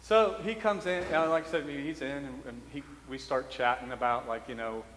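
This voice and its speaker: Speaking at normal speed with a steady tone, a priest with a medium-pitched, fairly bright voice tells a self-mocking, funny tale during his sermon, chuckling often. The sanctuary sounds roomy and echoey, with slight background noise.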